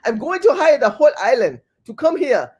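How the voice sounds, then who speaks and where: A woman's voice: sits high, sing-song, a little fast, a little mellow, husky, pitched above the performer's own voice, heavily acted. A woman voicing a scornful immigrant woman supervisor in a put-on Caribbean accent, speaking in a mocking, dismissive way.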